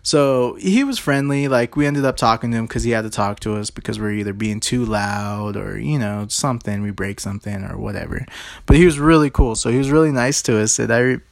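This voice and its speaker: A man's voice: mid-range voice, fairly quick, creaky. A man telling a childhood story to his viewers in a rambling, casual way, full of "like" and fillers. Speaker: vlogger.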